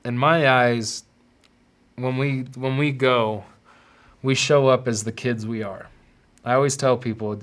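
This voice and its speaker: A man hosting a podcast looks back on his past in a confessional monologue, his voice at a typical male pitch with a steady, fairly bright tone. He halts and starts over frequently, repeating words while he searches for what to say.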